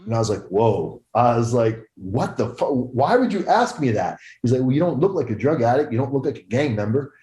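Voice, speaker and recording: A man's voice: medium pitch, fairly quick, few pauses, warm tone. A young adult man telling a story casually as a podcast guest, swearing often and acting out the voices of others. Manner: profane, acts out others' voices. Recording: roomy echo.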